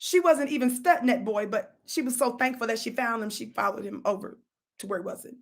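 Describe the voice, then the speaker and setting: A woman hosting a live stream, telling a story to viewers in an animated, preachy call-and-response style. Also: on the high side, a little fast. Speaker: livestream host. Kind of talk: casual livestream storytelling.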